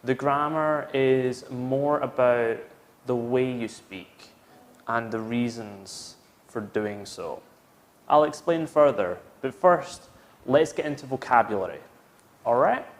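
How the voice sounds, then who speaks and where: Taking it slowly in a medium-pitched voice, this British teacher models English vocabulary words for learners to repeat, patient and clear as in a classroom.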